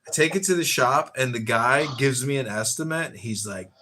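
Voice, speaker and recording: A man's voice: medium pitch, moderate pace, slight background noise. A man hosting a casual chat, telling profane stories and acting out the people in them. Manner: animated, profane, acts out voices in his stories. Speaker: host.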